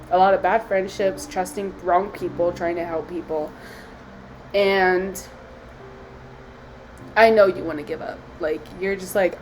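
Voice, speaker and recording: A woman's voice: mid-range voice, measured pace, a little mellow, a little hiss or hum, rough recording. Candid, tearful young woman vlogging. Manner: candid and tearful, swearing freely. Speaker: psychic medium and vlogger. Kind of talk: emotional self-talk vlog.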